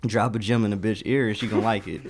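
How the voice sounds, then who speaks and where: A man's voice: on the low side, steady tone, fast talker. A young man, a guest telling rambling, profane stories and acting out the dialogue. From Detroit, US. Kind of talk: casual chat.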